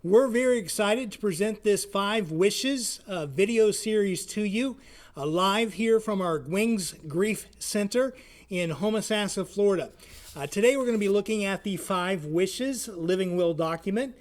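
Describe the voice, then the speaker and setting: A male community educator presents and tells a story in a casual, folksy manner, often pausing on fillers. His voice sits high for a man. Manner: friendly, folksy, frequent filler words.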